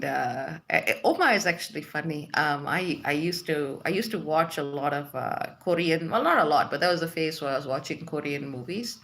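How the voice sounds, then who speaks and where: A woman's voice: low-pitched, a bit bright. A woman hosting a spiritual livestream, chatting casually and reading out viewer comments with lots of fillers. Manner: chatty, reads comments aloud with many fillers.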